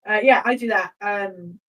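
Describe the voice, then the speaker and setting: A woman talks through her turn in a tabletop game. Her voice is mid-pitched and reaches the mic from a little way off. She chats loosely, laughs easily and swears under her breath. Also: a bit bright, slightly rough, far from the mic, rough recording. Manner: chatty and swearing, laughing often. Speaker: player.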